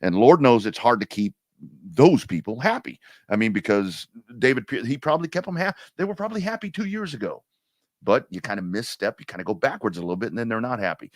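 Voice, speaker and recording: A man's voice: medium pitch, lively intonation, fast talker, no echo, clean studio sound. A man co-hosting a sports talk stream, talking earnestly and hesitantly, often repeating words. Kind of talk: casual sports talk chat.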